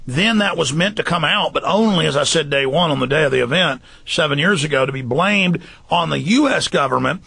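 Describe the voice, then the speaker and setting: A man hosting a talk radio show, speaking in an urgent, rapid, forceful monologue with fillers. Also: on the high side, lively intonation, creaky, husky, dry recording.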